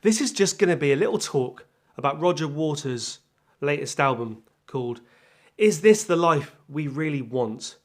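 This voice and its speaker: A man's voice: a little high, animated. Chatty man musing over an album. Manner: chatty, self-deprecating, thinks aloud with pauses. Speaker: music channel host. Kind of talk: casual first-impression album chat.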